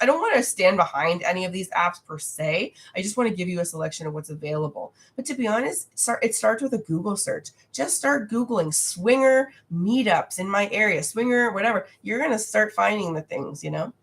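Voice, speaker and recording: A young adult woman with a fairly low, creaky voice hosts a laid-back livestream Q&A from home. She speaks frankly and reads viewer comments aloud, sounding congested and nasal from a recent cold.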